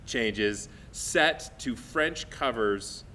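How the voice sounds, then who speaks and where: A man's voice: medium pitch, expressive, very slow, pushed and bright, a little hiss or hum. A man, the director of a stage play, talking with his actors in a casual talkback, enthusiastic and often restarting his sentences. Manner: enthusiastic, self-interrupting.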